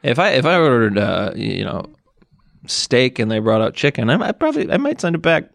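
A man's voice: medium pitch, sing-song, a little fast, creaky, dry recording, clean studio sound. A young man co-hosting a podcast, trading wry jokes in casual chat. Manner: wry joking banter. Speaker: podcast co-host.

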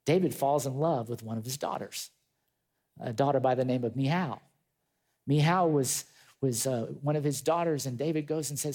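A male pastor preaching a sermon, retelling a story with lively acted-out voices and chatty asides to his congregation. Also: mid-range voice, moderate pace. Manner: animated storytelling, acting out quoted voices.

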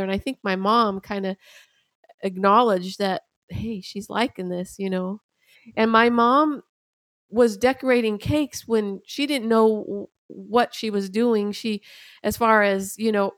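A woman's voice: medium pitch, dry recording. A woman in her sixties, a guest mother on a podcast, rambling fondly through memories and laughing as she goes. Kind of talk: casual storytelling.

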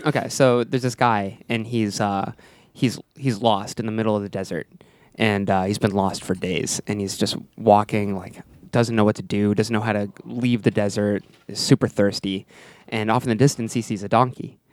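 A man's voice: lowish voice, fairly even intonation, moderate pace, no room sound. A man co-hosting a comedy podcast, telling a joke in casual banter and laughing a lot as he goes. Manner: giggly, tells jokes with lots of laughing. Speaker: podcast co-host.

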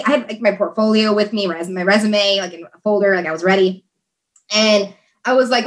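A woman telling a story in a chatty, animated way, as a guest in a conversation. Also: mid-range voice, brisk. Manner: animated, chatty, many fillers. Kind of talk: casual storytelling.

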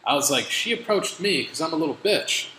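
A man hosting a casual podcast, telling stories in animated, profane rants with an exasperated edge. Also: on the high side, brisk. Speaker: podcast host. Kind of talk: casual chat, storytelling. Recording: echoey room with faint noise.

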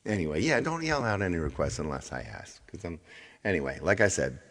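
Brisk and full of big pitch swings, this deep-voiced, middle-aged livestream host and singer chats casually with his viewers. His words trip and restart frequently, and he playfully scolds those who yell requests.

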